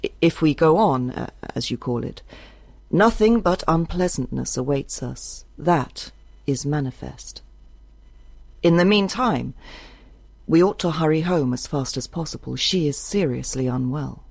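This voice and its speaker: A woman voicing a stern but flustered older gentleman who stammers and speaks formally in an audiobook. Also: deep voice, expressive, a little slow, vocal fry, slightly rough, no room sound, full character voice.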